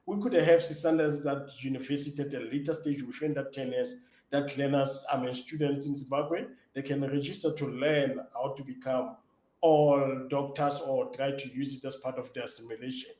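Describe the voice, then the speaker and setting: A man from Africa, answering interview questions as an app founder in an excitable, enthusiastic way. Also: medium pitch. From South Africa. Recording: roomy echo.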